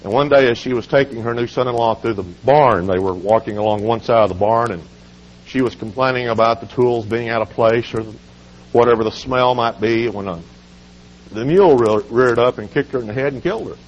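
A hoarse man with a cold, speaking as a guest at a children's home and telling humorous stories in a relaxed, folksy way. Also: mid-range voice, brisk, slight background noise. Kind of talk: folksy storytelling sermon. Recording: dull lo-fi recording.

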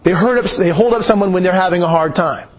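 Husky high-voiced man preaching. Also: fast. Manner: earnest, repeats phrases for emphasis. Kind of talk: sermon.

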